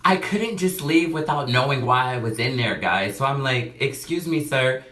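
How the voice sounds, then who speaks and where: A young man telling a storytime vlog in a casual, expressive way, swearing freely and acting out the people in his story. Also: medium pitch, moderate pace. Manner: animated, acts out every voice in the story, swears freely. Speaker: vlogger. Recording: echoey room.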